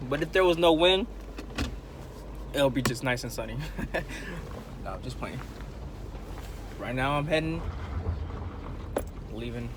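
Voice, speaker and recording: A young man rambles to his camera in a relaxed, slangy way, still groggy from just waking up. He sounds like he is in a car or out on the street. Street noise and traffic are clearly heard behind him. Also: medium pitch, unhurried, long pauses. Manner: laid-back, slangy, rambling. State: groggy morning voice. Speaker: vlogger. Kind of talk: casual vlog talk to camera. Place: in a car and outdoors in a city.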